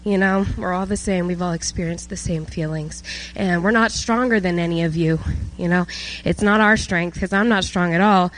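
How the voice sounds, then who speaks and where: A woman's voice: on the low side, normal speed, rough recording. A nineteen-year-old woman from South Georgia giving an emotional personal testimony at a church service, with many fillers. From South Georgia, USA.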